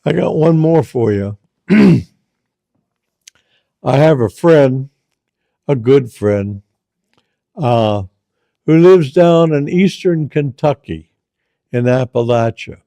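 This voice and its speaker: Slow, deliberate male storyteller. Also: mid-range voice, lively intonation, gravelly, warm tone, no echo. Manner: slow, deliberate, repeats phrases for emphasis. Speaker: storyteller host. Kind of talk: casual spoken storytelling.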